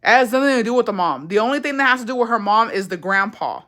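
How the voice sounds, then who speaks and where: A woman's voice: on the high side, lively intonation, fast talker, fairly bright tone. Woman livestream host, casual, foul-mouthed, mixes in Spanish. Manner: profane and blunt, drops Spanish phrases; sassy, repetitive explaining. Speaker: livestream host answering viewer questions. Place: lives in Mexico.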